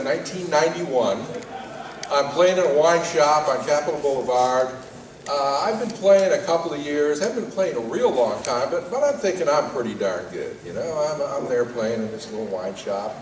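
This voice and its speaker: Lively man telling a story in a hall. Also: mid-range voice, noisy background. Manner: animated storyteller, many fillers and repeats. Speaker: saxophone player giving a tribute. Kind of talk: storytelling speech. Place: live music event stage. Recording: roomy hall from far off.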